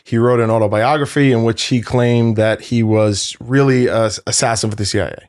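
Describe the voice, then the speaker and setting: A man's voice: mid-range voice, steady tone, brisk, darkish tone. A man in his forties with an American accent, a podcast guest who chats easily and tells anecdotes. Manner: easygoing, laughs along, tells anecdotes. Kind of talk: casual chat.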